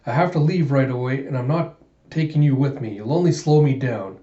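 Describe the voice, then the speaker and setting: A man voicing a cool, curt cyborg girl warrior in his own flat voice. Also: medium pitch, a little fast, natural voice. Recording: echoey room, dull lo-fi sound.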